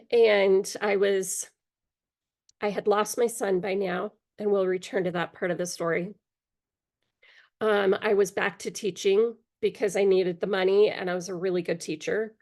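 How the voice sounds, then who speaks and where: Personal storytelling in an interview: a middle-aged woman shares her life frankly but haltingly, her middle-range voice interrupted by pauses and small fillers. Bothered by allergies, she clears her throat every so often.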